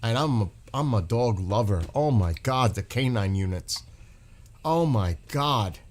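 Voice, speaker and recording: Middle-aged new guy, deepish voice, talks to his chat, kinda rambly and earnest. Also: lively intonation, moderate pace, darkish tone. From United States. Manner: earnest, rambling, repeats words. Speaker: live stream host. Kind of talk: casual live chat with viewers.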